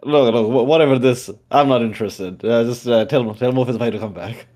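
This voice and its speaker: 男性が演じる苛立った疑り深い男. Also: male voice, medium pitch, fairly quick, a little mellow, lightly acted. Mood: irritated. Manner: blunt and irritable. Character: impatient, suspicious man, a player character.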